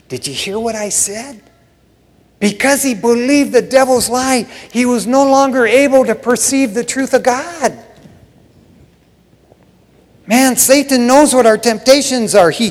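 High-voiced man preaching in a reverberant hall. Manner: casual preaching, acts out voices in Bible stories; swings between hushed emphasis and raised excitement. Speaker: pastor. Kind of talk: sermon.

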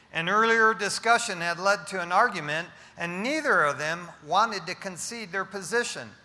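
A man's voice: high voice, bright, forceful tone, big-room sound. A male pastor preaching a sermon, telling jokes with playful asides to the congregation.

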